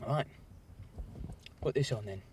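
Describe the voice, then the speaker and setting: An actor playing a cheeky young British crook with a British accent, teasing his partner in quick banter. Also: mid-range voice, a little mellow, distant mic, slight background noise, natural voice. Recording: voice from away from the mic.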